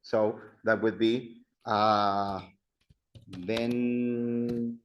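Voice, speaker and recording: A man's voice: fairly low pitch, flat delivery, extremely slow, dull audio. A man teaching an adult Spanish class, patiently repeating words for his students to practice.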